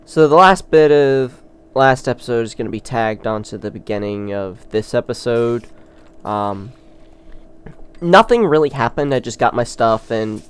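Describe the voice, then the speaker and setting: A man chats loosely while he plays, jumping between excitement and self-mocking asides. His voice is smooth and clear, with a middling pitch. He sounds like a casual gaming host talking to his viewers. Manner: rambling and excitable, self-deprecating. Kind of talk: let's play commentary.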